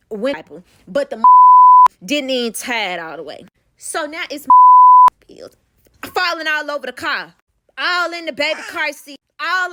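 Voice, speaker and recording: A young adult woman with a slightly high voice tells a personal story in casual storytime style. She's animated and profane, speaking directly to the listener.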